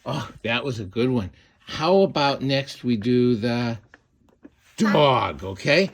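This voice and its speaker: A man's voice: mid-range voice, animated, takes it slowly, noisy background. An older man and grandfather, teaching a small child at home in a playful, sing-song way and often repeating himself. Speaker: grandfather host.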